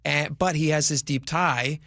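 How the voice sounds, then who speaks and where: Gravelly male radio co-host. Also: on the high side, unhurried, sharp tone, no echo, clean studio sound. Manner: rambling, restarts thoughts, conversational. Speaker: radio talk show co-host. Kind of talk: casual talk radio chat. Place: radio studio. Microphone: studio microphone.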